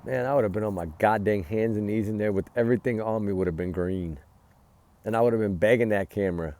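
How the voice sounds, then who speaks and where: A man's voice: fairly low pitch, quick pace, warm tone. A man giving heated, emphatic casual commentary as a vlogger, recorded outdoors by a fire at night. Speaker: true-crime vlogger.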